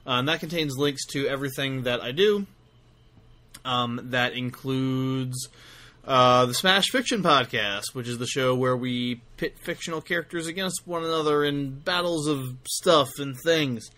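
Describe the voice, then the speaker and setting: A tired man co-hosts a podcast, rambling casually through plugs for his projects in a self-deprecating way. His mid-range voice has a sharp tone and a measured pace.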